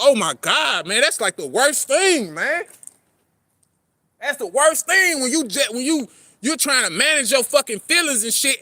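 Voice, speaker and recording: A man's voice: very high voice, bright, forceful tone, no echo. A man talking casually to camera about trust and pain, with street slang, constant swearing and frequent "man" and "you know what I'm saying.". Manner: rambling, earnest, greets passers-by. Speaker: poet and vlogger. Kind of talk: casual motivational talk to camera.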